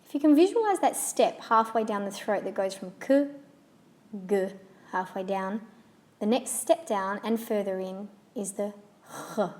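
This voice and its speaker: A woman who grew up guides learners through French sounds. She talks in a calm, even teaching voice at a middle pitch and says each example word slowly and carefully, more than once. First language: English. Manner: patient, repeats model words slowly and carefully. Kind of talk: slow, clear pronunciation lesson.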